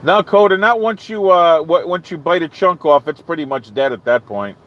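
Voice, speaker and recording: A man hosting a live stream, telling a long story to his chat in a rambling, animated way and acting out his own quotes. He is not from the American South. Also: on the high side, normal speed, dull audio, slight background noise.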